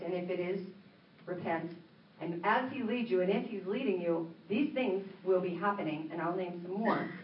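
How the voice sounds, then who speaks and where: A woman minister preaching a sermon, telling a story in an animated way and acting out the dialogue. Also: fairly low pitch, a little hiss or hum. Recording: roomy, distant, dull sound.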